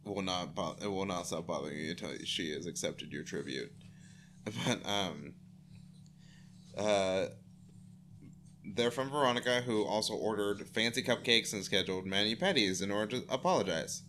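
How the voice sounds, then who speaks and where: A man's voice: deep voice, moderate pace, a bit bright, a little hiss or hum. A man co-hosting a podcast, recapping a TV show in casual chat, laughing often and doing silly voices. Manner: laughing, playful, puts on silly voices for the dog. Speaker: podcast co-host.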